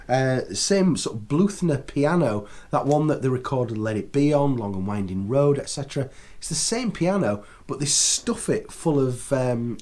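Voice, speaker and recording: A man's voice: medium pitch, a little mellow. A man giving a chatty, enthusiastic spoken review, full of fillers and restarts. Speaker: video reviewer.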